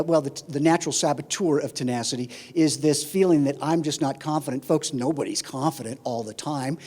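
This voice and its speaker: A man, a flight instructor, giving a humorous speech at a conference, telling comic stories. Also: fairly high pitch. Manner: animated comic storyteller. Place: conference hall. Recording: reverberant conference hall.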